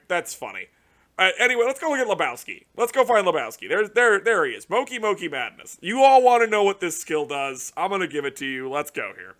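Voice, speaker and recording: A man hosting his card game channel, reacting to new cards in casual, heavily profane commentary that swings between muttering and excited shouting. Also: sits high.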